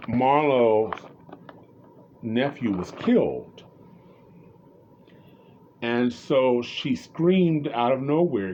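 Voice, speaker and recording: A man's voice: on the low side, slow pace, darkish tone, dull audio, slight background noise. A man commenting on reality TV in a casual, rambling, opinionated way, often restarting his sentences.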